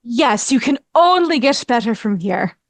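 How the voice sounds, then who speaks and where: A woman player with a high voice, teasing dryly. The sound is close and dry. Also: lively intonation, moderate pace, dry recording.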